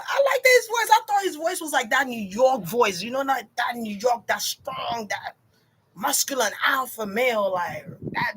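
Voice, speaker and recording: Woman host, livestream reader, slangy and chatty with her audience, slightly raised pitch. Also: sing-song, moderate pace, fairly bright tone, breathy edge. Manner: chatty, slangy, talks to viewers directly. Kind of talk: casual livestream chat.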